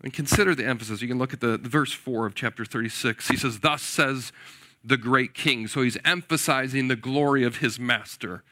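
A man in his forties, a pastor preaching a sermon in an animated way, often putting questions to his listeners. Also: mid-range voice, fast, few pauses. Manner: animated, asks the audience questions, often says "right?".

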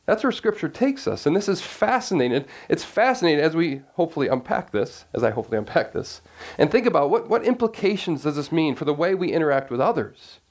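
A man's voice: on the high side, sing-song, fast talker, a little mellow. A man preaching a sermon as pastor, earnest, often restarting phrases and asking the congregation questions.

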